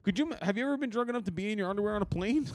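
A man with a high voice rambles through a story in slangy podcast chat, breaking into laughter often. The sound is close and dry, with no room around it. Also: lively intonation, rapid-fire, dry recording. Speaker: podcast host. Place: podcast recording.

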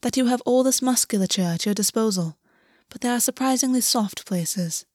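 A woman reading the lines of a gentle, measured male water horse lover, speaking softly and sincerely. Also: fairly high pitch, no room sound, clean studio sound, lightly acted. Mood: tender. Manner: soft, careful and sincere.

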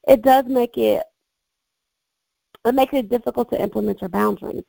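A woman therapist calmly asking guiding questions in a casual podcast conversation. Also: high-pitched, moderate pace, vocal fry, pauses often, no echo, low-quality recording. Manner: calm, asks guiding questions. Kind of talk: casual advice chat.

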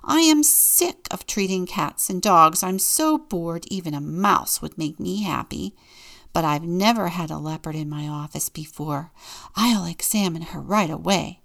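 A woman reading aloud and voicing an excitable, chatty male veterinarian who is bored with his usual patients. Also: on the low side, a little slow, gravelly. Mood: eager.

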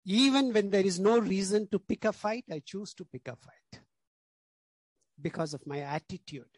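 A man's voice: sits high, moderate pace, no room sound. A male pastor preaching a sermon, stressing key words, repeating lists and leaning on "you know".

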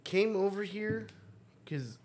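Man, fairly high voice, lively pitch, slow delivery, teasing podcast co-host. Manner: teasing, laughs a lot. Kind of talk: casual joking chat.

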